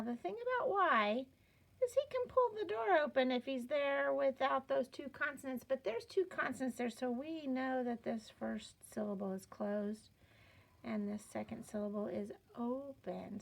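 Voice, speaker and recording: Encouraging phonics teacher lady, sounds out letters, kinda gravelly voice, takes it real slow. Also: fairly high pitch. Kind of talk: slow step-by-step reading lesson.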